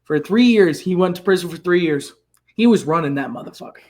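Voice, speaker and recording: A man's voice: high-pitched, lively intonation, fairly quick, darkish tone. Emphatic man repeating points. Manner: emphatic, repeats phrases for effect. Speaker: podcast co-host. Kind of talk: casual chat.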